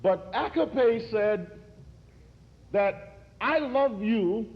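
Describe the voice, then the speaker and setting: High-voiced man preaching, repeats himself and builds up, echoey hall, dull old tape. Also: animated, very slow. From New York. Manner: rhythmic preaching cadence, repeats words and builds in pitch. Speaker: speaker at a commemoration. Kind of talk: preacherly speech. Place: large hall.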